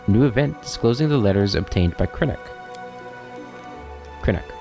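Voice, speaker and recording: A man hosting a let's play, giving relaxed commentary, thinking aloud and correcting himself, and reading out game text. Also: lowish voice, a little fast, pauses often, soft background music. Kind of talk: casual gameplay commentary and reading.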